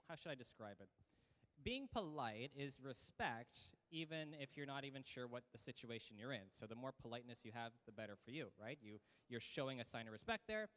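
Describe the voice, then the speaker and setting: A man's voice: medium pitch, a bit bright, long reverb tail. A man giving a casual, joking orientation talk to new students as the college's academic integrity officer. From Canada. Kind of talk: orientation presentation.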